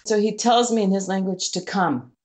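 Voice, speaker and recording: A woman missionary guest telling a personal story, animated and acting out the voices she quotes. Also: mid-range voice, normal speed.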